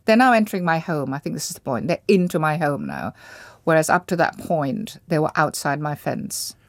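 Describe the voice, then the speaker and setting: A woman from Indonesia, an interview guest, thoughtfully recalling her past with pauses and restarts as she searches for words. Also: low voice, sing-song, no echo. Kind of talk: reflective personal recollection.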